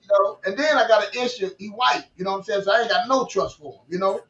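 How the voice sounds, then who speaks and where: A man tells a personal story in an animated, repetitive way, his voice sitting a little high. He sounds set back from the mic in a roomy space, and the sound is slightly dull. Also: fast, recorded from a distance. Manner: animated storyteller, restarts and repeats himself. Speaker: guest. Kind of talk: storytelling in a casual interview.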